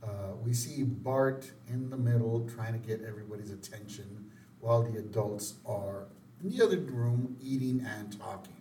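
A man co-hosting a podcast, recapping a cartoon episode in a lively way and jumping into character voices. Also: mid-range voice, normal speed. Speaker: podcast co-host. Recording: roomy, distant mic with faint background noise.

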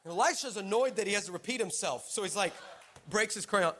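High-voiced animated preaching man. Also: quick pace. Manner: animated storyteller, laughing, acting out quotes. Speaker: pastor. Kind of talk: sermon with personal storytelling.

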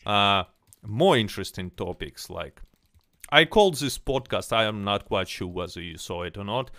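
A man with a fairly low voice hosts a game livestream in a relaxed, chatty way. He restarts sentences and repeats words as he goes. The sound is dry and close. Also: normal speed, no room sound. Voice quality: slightly hesitant, repeats words. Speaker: stream host. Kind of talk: casual livestream chat.

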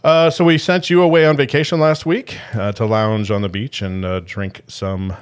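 Jokey man with a low voice. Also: little pitch movement, moderate pace, clean tone. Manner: jokey, rambling with many "uh" fillers and laughs. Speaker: podcast co-host. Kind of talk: casual chat.

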